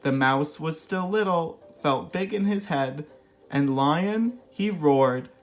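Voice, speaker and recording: Slow, gentle woman reading a storybook. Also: sits low, lively intonation, soft background music. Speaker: children's storytime reader. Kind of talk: reading a picture book aloud to children.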